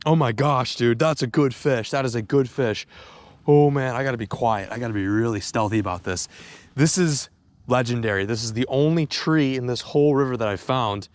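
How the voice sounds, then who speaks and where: A young man filming a fishing vlog on a riverbank, talking excitedly and stammering when a fish bites. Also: mid-range voice, a little fast, no echo. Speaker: fishing vlogger. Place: outdoors on a river bank.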